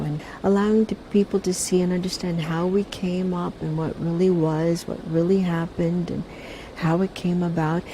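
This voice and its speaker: Brief: woman, 50s, interview guest, mellow low voice, soft and heartfelt. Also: a little hiss or hum, rough recording. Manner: soft-spoken, heartfelt, halting restarts. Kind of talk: casual interview.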